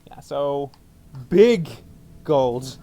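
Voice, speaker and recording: A man's voice: mid-range voice, expressive, extremely slow, dark tone. A man streaming a game, reading in-game texts aloud and stumbling, correcting himself as he goes. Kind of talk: casual game stream commentary.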